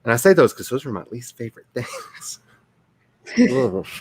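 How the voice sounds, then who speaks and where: A rambling, chatty man with a drawl, in his fifties and talking casually to a livestream audience. His pitch swings widely as he goes. The sound is close and dry, with no room echo. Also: big pitch swings, normal speed, vocal fry, darkish tone, breathy edge. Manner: rambling and chatty, laughing often. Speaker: author and streamer.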